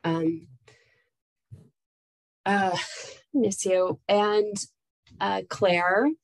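A woman's voice: mid-range voice, steady tone, very slow, no room sound, rough recording. A woman who leads a nonprofit, telling candid, heartfelt stories in a casual chat with frequent fillers. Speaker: nonprofit staff leader.

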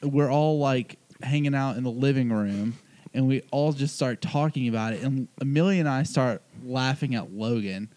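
A man's voice: medium pitch, moderate pace, a little mellow. A young man in casual podcast chat, telling a funny story with lots of laughter. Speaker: podcast co-host.

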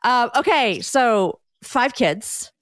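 A woman's voice: fairly high pitch, lively intonation, slow pace, no echo. Chatty woman podcast host, dry sound. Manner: warm, conversational, repeats words for emphasis. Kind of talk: casual interview chat.

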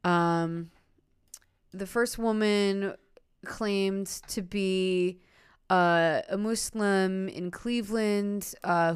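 A woman's voice: fairly low pitch, smooth, no room sound, clean studio sound. A woman hosting a podcast who tells a story in a rambling, casual way, with lots of fillers and laughter. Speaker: podcast host.

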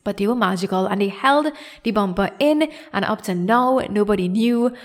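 Her podcast story comes out animated and at a moderate pace, delivered by a young woman with a Trinidadian accent and an everyday mid-range pitch. She chats casually, makes fun of herself, and impersonates the people in her tale.

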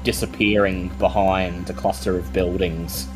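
A woman runs a tabletop horror game as game master, her voice extremely low and unhurried. She builds suspense line by line as faint music plays underneath. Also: little pitch movement, low-quality recording. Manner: slow, suspenseful narration.

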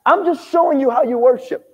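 A man preaching at a Bible study, animated, quizzing the congregation and rising to shouts. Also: very high voice, gravelly, long reverb tail, muffled recording. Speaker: pastor. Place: church sanctuary.

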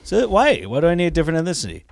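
A man's voice: fairly high pitch, wildly swooping pitch, very fast, gravelly, a little mellow. A man co-hosting a podcast, laid-back and wry, thanking listeners on a dry close mic. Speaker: podcast co-host. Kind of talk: casual banter.

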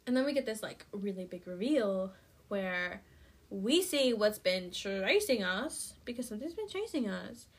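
A young adult woman hosting a casual book recap podcast, animated and chatty, laughing often and filling with "like.". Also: medium pitch, a little slow, husky. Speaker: podcast host.

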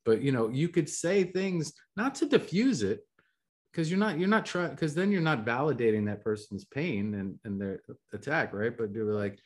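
A man's voice: medium pitch, big pitch swings, normal speed. Man chatting eagerly on a podcast. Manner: enthusiastic, rambling, laughs often. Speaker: podcast co-host. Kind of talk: casual spiritual chat.

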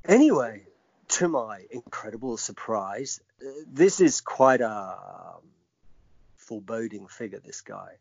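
A man's voice: medium pitch, very animated, unhurried, no room sound. A middle-aged man telling a personal story as an interview guest, emphatic and reflective. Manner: emphatic, reflective, acts out quoted speech. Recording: dull lo-fi dry recording.

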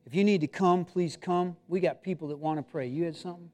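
A man with a notably high voice delivers a sermon from the front of a church. He preaches with emphatic, pleading urgency, pressing his listeners to act. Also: fast, mellow. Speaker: pastor. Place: church sanctuary.

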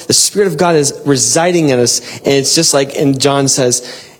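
A man preaching a devotional sermon and reading scripture, earnest and exhorting, with bursts of excitement and soft laughs. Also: mid-range voice, normal speed.

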